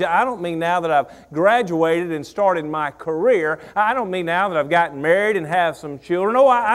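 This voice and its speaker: Male pastor, 40s, high voice, lively preaching delivery. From Mississippi. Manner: animated, repeats phrases, asks the congregation questions. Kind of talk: sermon.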